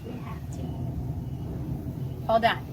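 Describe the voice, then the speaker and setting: A woman in a casual home video, playfully teasing her pet in a baby-talk manner. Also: slow pace. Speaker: pet owner. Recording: noisy home phone video.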